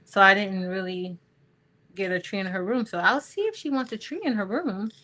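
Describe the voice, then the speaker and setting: A woman's voice: medium pitch, normal speed, sharp tone. A middle-aged woman hosting a crafting livestream, chatting casually with viewers while she works. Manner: chatty, storytelling, talks to viewers as y'all.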